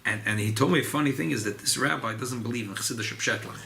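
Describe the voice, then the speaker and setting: A man teaching an informal Torah class as a rabbi, animated and emphatic. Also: quick pace, gravelly. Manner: animated, rising pitch on emphasis, Yiddish and Hebrew terms mixed in.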